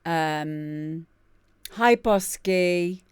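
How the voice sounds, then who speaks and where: A woman's voice: on the low side, very slow, clear, resonant tone, no room sound. A woman in her thirties hosting a live stream, chatting casually and greeting viewers by name with laughs and rambling asides. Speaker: livestream host.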